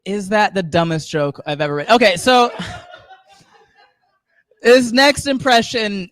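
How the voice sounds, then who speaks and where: High-voiced rambling comedian man. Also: fairly bright tone, clear, resonant tone, no echo, studio quality. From Southern US. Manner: rambling, chuckles at his own jokes. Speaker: stand-up comedian. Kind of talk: stand-up comedy set. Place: comedy show studio.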